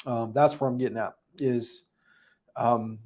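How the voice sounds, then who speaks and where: A man hosting a livestream recap, talking unscripted, halting and emotional with many restarts, audibly holding back tears. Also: mid-range voice, steady tone, darkish tone. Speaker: livestream host giving a daily recap.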